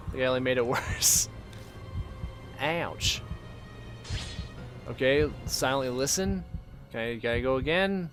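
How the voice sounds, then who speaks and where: A man's voice: medium pitch, measured pace, long pauses, fairly bright tone. A man talks through a horror game in a loose, joking way, reading the on-screen text and swearing freely. His voice sits in an ordinary middle register, with faint game music running underneath. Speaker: let's play host. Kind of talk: casual gameplay commentary.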